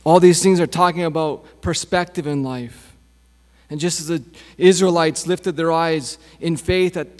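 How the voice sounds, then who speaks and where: A man preaching a sermon in a church, his slightly high voice carried by a long hall reverb. He moves at a very slow, deliberate pace and circles back to the same phrases. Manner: slow, repetitive preaching cadence. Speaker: pastor.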